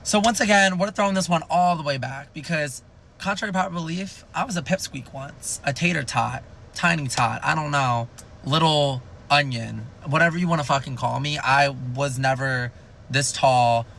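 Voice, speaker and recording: A young man in his twenties tells a comedic story, loose and profane, mocking himself and leaping up in pitch to land a point. His voice sits a little high for a man, bright and edgy with a gravelly fry. A faint room ambience hangs behind him. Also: normal speed, a little hiss or hum. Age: 20s. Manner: animated, profane, self-mocking, jumps pitch for emphasis.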